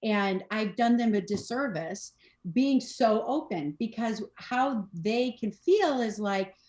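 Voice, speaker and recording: A woman guesting on a podcast talks casually about mental health and spirituality, emphatic and often repeating phrases and acting out what people say. Her voice is a little high, expressive, slow and a little mellow.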